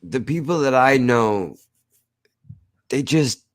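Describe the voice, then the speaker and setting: A man's voice: mid-range voice, lively intonation, takes it slowly. A man from New Jersey hosting a podcast, ranting emphatically in casual chat, repeating himself and swearing. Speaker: podcast host.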